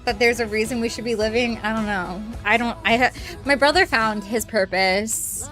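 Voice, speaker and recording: Girl streamer w a higher voice, chatty n excitable, swears a lot, talks to her chat, quiet game music under it. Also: moderate pace. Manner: chatty and excitable, swears freely, squeals greetings to viewers. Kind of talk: casual live-stream chat with viewers.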